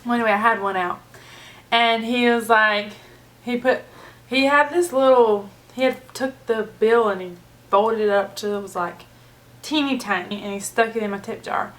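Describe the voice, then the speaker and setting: A woman vlogger telling a story in a casual, animated way with relaxed slang. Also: on the high side, normal speed. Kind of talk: storytime vlog.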